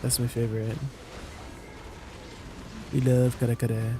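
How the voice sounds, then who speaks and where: Music plays behind a young Canadian streamer whose medium-pitched voice is completely flat and slow. Even so, he chats casually and playfully with his viewers in a Canadian accent during a live gaming session, asking them questions.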